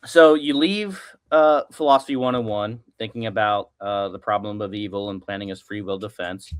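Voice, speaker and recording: A man's voice: fairly low pitch, normal speed, clear, resonant tone. A man who is a podcast guest, explaining a philosophical argument step by step. He thinks aloud, uses many fillers, and keeps checking in with "right?".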